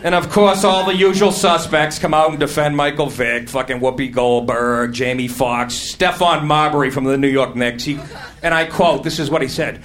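A man's voice: fairly high pitch, steady tone, normal speed, a bit bright. A man performing a stand-up routine on a comedy club stage, brash, profane and mocking. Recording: live club recording with noise. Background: audience laughter.

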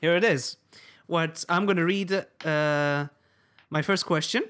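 A man's voice: fairly high pitch, unhurried, fairly bright tone, smooth. A man co-hosting a podcast in casual banter, easygoing, laughing often and trailing off mid-sentence. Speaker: podcast co-host.

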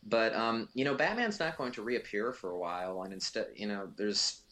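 A man with a very low voice talks his way through a movie commentary track. He rambles, stops and restarts often, and fills the gaps with ums and you-knows. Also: moderate pace, sharp tone. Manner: rambling, with many fillers and restarts. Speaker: film commentary co-host. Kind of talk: casual film commentary.

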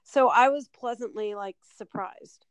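A woman hosting her own podcast in casual chat, excitable and rambling, dropping lots of "like"s and the odd swear word. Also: fairly high pitch, a little slow, smooth, no room sound. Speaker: podcast host.

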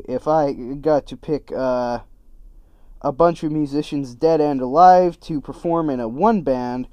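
A man's voice: medium pitch, warm tone, clear, resonant tone, dry recording. A young man hosting a casual solo podcast, rambling and correcting himself as he goes. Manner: rambling, distracted, self-correcting. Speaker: podcast host.

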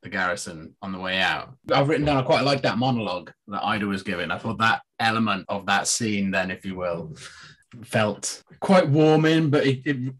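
A man's voice: lowish voice, lively intonation, normal speed, a bit bright. A man co-hosting a casual podcast, musing hesitantly and searching for words. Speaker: podcast co-host. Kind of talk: casual TV discussion.

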